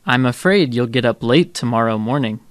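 A man's voice: medium pitch, normal speed, no echo, studio quality, lightly acted. A man playing a father who patiently answers his child's homework questions in a scripted textbook dialogue. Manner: calm, patient explaining. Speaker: textbook audio actor.

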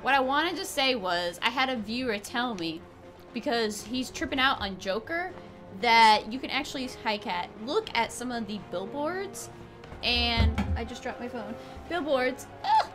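A woman host giving casual, excitable let's play commentary, chatty and swearing freely. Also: a little high, a little slow, music in the background. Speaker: gaming video host.

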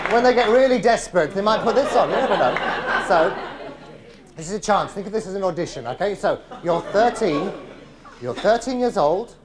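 Chatty male stage storyteller. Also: high voice. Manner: chatty, teasing the audience. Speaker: solo stage performer. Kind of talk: one-man comedy show storytelling. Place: theatre stage with a live audience. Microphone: clip-on body mic.

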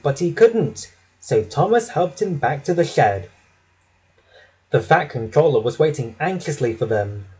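Male storybook narrator, slow, animated, slightly raised pitch. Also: husky, rough recording. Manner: slow, expressive children's-story reading.

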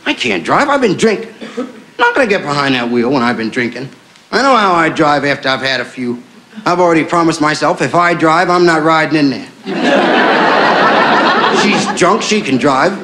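Animated man telling a stand-up story. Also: fairly high pitch, moderate pace, pauses often. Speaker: stand-up comedian. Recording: noisy live recording with audience laughter.

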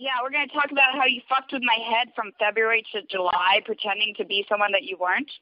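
A woman's voice: on the high side, fairly even intonation, fast, no echo. A woman on a phone call, furious, profane and threatening. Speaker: caller. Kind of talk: heated phone argument. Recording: dull phone-line audio.

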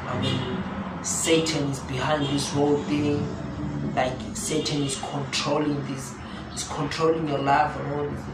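Slow, flat young man. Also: fairly high pitch. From South Africa. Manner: rambling, repeating phrases and correcting himself. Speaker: vlogger. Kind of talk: storytime vlog. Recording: echoey room with background noise.

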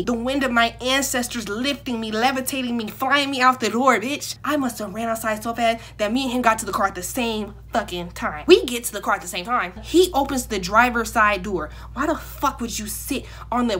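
Young woman, 20s, bright slightly high voice, comic swearing storyteller, faint hum behind. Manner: animated, profane, comedic storytelling. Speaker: vlogger. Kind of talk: storytime while doing hair. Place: indoors at home.

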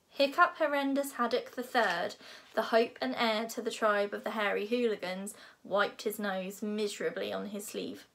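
A woman reading a children's novel aloud in a lively, expressive way. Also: mid-range voice, normal speed, vocal fry. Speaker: reader.

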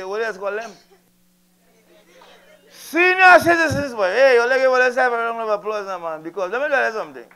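Casting: high-voiced older Trinidadian man, stand-up comic, chats and ribs the crowd. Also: a bit bright, clean tone. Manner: chatty, teasing the audience. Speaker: stand-up comedian. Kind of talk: stand-up comedy routine. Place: live comedy venue.

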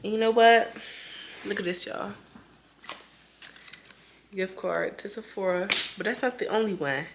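A woman's voice: mid-range voice, unhurried, long pauses, noisy background. A young woman chatting through a casual day-in-the-life vlog, bubbly and full of exclamations. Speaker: vlogger. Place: beauty store.

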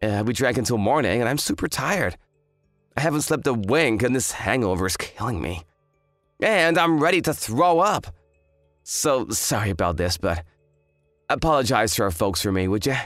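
A man's voice: medium pitch, lively intonation, normal speed, a bit bright, no room sound, clean studio sound, soft background music, natural voice. A man voicing an arrogant, hungover young fiancé who talks in a smug, dismissive drawl. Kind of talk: dramatized story voice acting.

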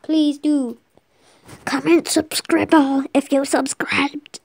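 Young woman, high voice, slow unhurried delivery, giggly, playful. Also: little pitch movement, vocal fry, darkish tone. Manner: playful, giggly, keeps restarting. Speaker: channel host. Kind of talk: giggly casual vlog chat.

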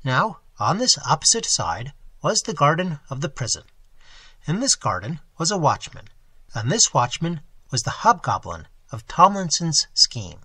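A man narrates a classic novel in a measured storytelling manner. His voice is bright and a little husky, with very lively swings of pitch. The sound is dry and close. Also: no echo. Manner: measured storytelling, voicing characters lightly. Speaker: audiobook reader.

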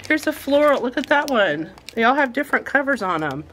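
A woman's voice: high-pitched, big pitch swings, a little fast, background noise. A middle-aged woman hosting a casual show-and-tell in a craft shop, bubbly and rambling, often sidetracked. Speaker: quilt shop host.

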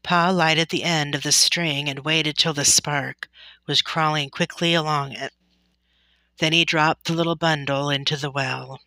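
A woman reading a classic children's novel aloud in a gentle, deliberate storytelling manner. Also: low voice, fairly even intonation, dry recording. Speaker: storybook reader.

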